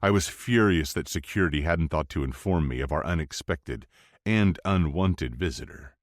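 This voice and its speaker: A man narrating a first-person romance audiobook in a low, steady, intense delivery. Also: moderate pace, dry recording, clean studio sound.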